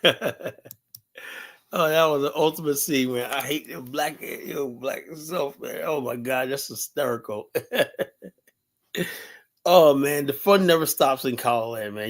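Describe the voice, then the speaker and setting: A man's voice: mid-range voice, normal speed. A male host gives loose, casual commentary on his own show. He mocks what he plays, breaks into laughter often, and tags his lines with filler words.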